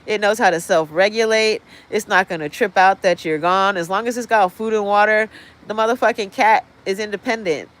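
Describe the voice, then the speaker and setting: A woman's voice: mid-range voice, fairly quick, fairly bright tone, low-quality recording. A woman hosting a livestream, talking in a blunt, profane, rambling way from indoors. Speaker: livestream host. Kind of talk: casual livestream rant. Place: indoors, apartment building.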